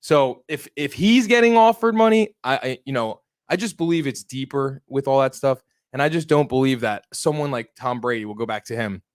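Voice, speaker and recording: A man co-hosting a casual sports podcast, his voice sitting at an ordinary middle pitch. He talks in animated, rambling stories, peppered with slang and the odd curse. The recording is close and dry, with almost no room sound. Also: moderate pace, hardly any pauses, no room sound. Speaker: co-host.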